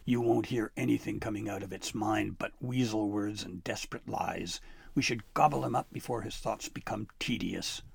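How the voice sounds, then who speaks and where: Man doing a grumpy old troll guy, low gravelly grumbling, husky, storybook baddie. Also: moderate pace, no echo, full character voice. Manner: grumbling, impatient, then fawning. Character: grumpy male troll, greedy and henpecked.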